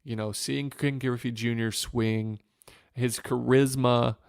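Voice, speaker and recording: A man from Northwest Ohio, a former pitcher, telling an earnest story in an interview with many restarts. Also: fairly even intonation, slow pace, vocal fry, a little mellow, clean tone, dry recording, studio quality. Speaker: former pro pitcher, podcast guest.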